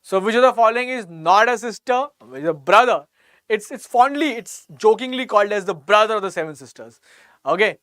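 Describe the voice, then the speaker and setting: A man's voice: high voice, animated, fairly quick, fairly bright tone, no echo. A man with an Indian English accent teaching a live online quiz class, encouraging students by name and repeating each question. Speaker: exam coaching teacher.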